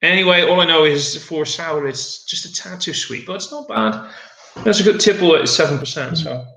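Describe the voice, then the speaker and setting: Male guest, bright, slightly high voice, rambling casual chat over a call in an echoey room. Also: moderate pace. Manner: rambling, frequent restarts.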